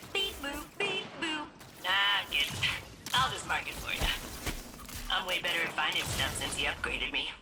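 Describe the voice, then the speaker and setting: A teasing female ship AI in a video game, talking in a chatty, wry way, voiced by a woman. Her voice sits a little low. A clear game music bed plays under her lines. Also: lively intonation, normal speed, long pauses, lightly acted. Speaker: ship AI companion.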